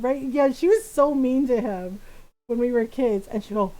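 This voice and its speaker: A woman's voice: sits high, animated, moderate pace, darkish tone, rough recording. Streamer lady just chatting while she plays, rambly, giggly. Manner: chatty, rambling, laughs often; many restarts and fillers. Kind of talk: casual chat while gaming.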